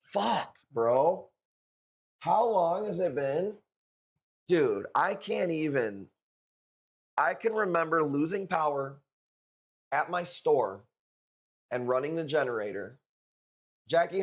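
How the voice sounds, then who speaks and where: A man in his forties chatting casually on a live stream as a coral seller, laid-back and profane, calling people dude and bro. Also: fairly high pitch. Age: 40s.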